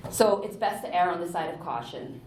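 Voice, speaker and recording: A woman with a lowish voice speaks briskly and with animation, giving an earnest explanatory talk in a large conference hall and sometimes correcting herself partway through sentences. She's recorded from a distance, in an echoey space with a noisy background.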